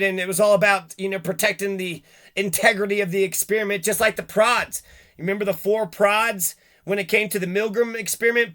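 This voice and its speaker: Brief: male commentator, high pitch, profane and animated, casual monologue. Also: a little fast.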